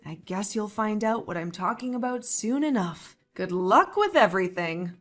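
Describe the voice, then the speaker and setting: A woman voicing a calm, pregnant young wife who answers her sister-in-law with dry sarcasm, in a dramatized story. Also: mid-range voice, moderate pace, faint music behind, lightly acted. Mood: cool. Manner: cool, composed, dryly sarcastic. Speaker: voice actor.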